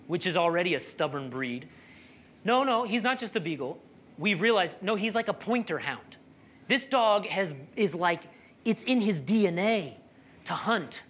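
A preacher giving a sermon, telling a lively personal story and then building to emphatic, raised-voice preaching. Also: mid-range voice, slight background noise.

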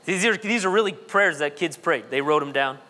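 Bright-voiced preacher man in a hall. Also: fairly high pitch, animated, brisk. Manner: jokey, repeats words, reads funny kids' prayers. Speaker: pastor. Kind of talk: sermon.

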